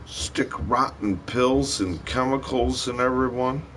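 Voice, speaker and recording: A man's voice: mid-range voice, takes it slowly, a bit bright, slight background noise. A man on a livestream, ranting in an angry, profane and repetitive way. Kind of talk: rambling livestream rant.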